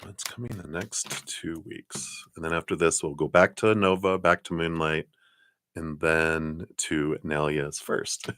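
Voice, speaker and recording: Speaking in a bass voice, a little slowly, this tarot reader rambles through a live-stream session with plenty of fillers. A bit of hiss or hum sits under the audio, and his spiritual chatter is warm and punctuated by laughter.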